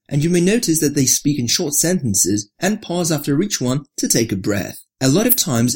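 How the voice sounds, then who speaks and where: Husky, lively narrator reading aloud. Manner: reads with marked rises and drops, lower for attributions. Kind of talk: scripted narration.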